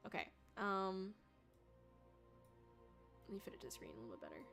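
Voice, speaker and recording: A woman's voice: medium pitch, wildly swooping pitch, fairly quick, fairly bright tone, faint music behind. A young woman streamer chatting casually with her viewers, bubbly and giggly, with lots of filler words. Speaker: VTuber streamer. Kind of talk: casual livestream chat with viewers.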